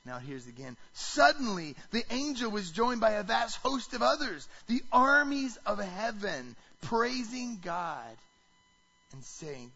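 A man preaching a sermon to a congregation, animated, often asking the listeners questions. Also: high voice, a little slow, slightly rough, muffled recording. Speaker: pastor.

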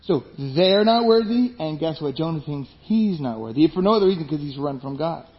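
High-voiced man preaching emphatically. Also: expressive, fairly quick. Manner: emphatic, rhetorical questions to the congregation. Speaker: pastor. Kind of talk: sermon. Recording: dull lo-fi sound.

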